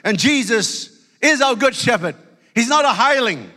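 A man's voice: very high voice, lively intonation, moderate pace, pushed and bright, in a large hall. A middle-aged man preaching a sermon as pastor, emphatic with calls of hallelujah. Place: church sanctuary.

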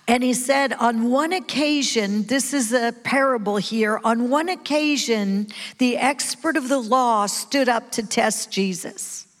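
Woman preacher, high voice, unhurried, animated, calls out to the room; long hall reverb. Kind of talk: sermon.

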